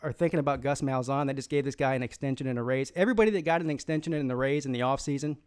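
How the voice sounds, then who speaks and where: A man's voice: medium pitch, very fast, a little mellow, clean tone. A man hosting a live sports stream, rambling through opinions and reading out viewer comments, with frequent restarts and fillers. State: has the hiccups. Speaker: sports channel host.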